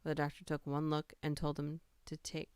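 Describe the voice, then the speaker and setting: Woman stream host, low-ish smooth voice, casual story reader. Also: monotone, fairly quick, a little mellow, no room sound. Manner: reads funny stories aloud, laughs and greets chat. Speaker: livestream host reading stories aloud. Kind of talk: casual livestream storytelling and chat.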